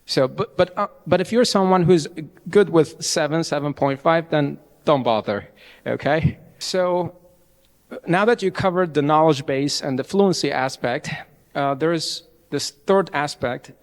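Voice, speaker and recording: A young man giving a lively, chatty IELTS training talk to a live audience, often restarting his sentences. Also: on the high side, a little slow. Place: large event hall. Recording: long hall reverb.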